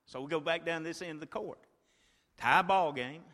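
A man preaching a sermon, retelling a story like a play-by-play and swinging from a hush to a shout. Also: on the high side, moderate pace, in a large hall.

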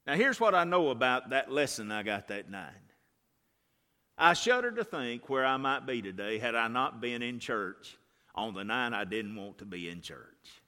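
Male preacher, folksy sermon voice, animated pitch, echoing hall. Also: moderate pace. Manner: folksy storytelling, swings from hushed to shouting. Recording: reverberant hall.

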